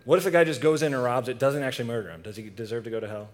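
A man's voice: medium pitch, rapid-fire. Young guy giving a laid-back youth group sermon, keeps asking the crowd stuff, medium voice. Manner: casual, asks the audience questions.

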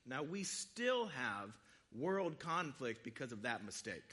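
A man giving a sermon, retelling scripture stories in a casual, conversational way with quick voiced asides. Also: medium pitch, sing-song, sharp tone. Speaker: preacher.

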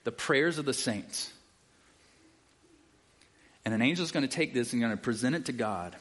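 A man's voice: medium pitch, expressive, moderate pace. Casual male Bible teacher. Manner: casual, checks in with listeners; reads scripture aloud. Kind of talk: conversational sermon.

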